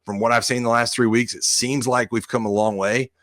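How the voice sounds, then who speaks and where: A former college offensive lineman, speaking fairly quickly in a mid-range voice, tells stories in a casual sports podcast chat. He's an animated storyteller who acts out quotes and says "dude" often, recorded in studio quality with no echo.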